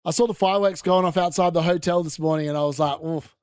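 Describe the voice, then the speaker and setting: A young man with a fairly high voice talks through a live football watchalong, chatty and rambling as he reacts to the game. The sound is dry and close, with no room echo. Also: steady tone, fast talker, smooth. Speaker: watchalong host. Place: room at home.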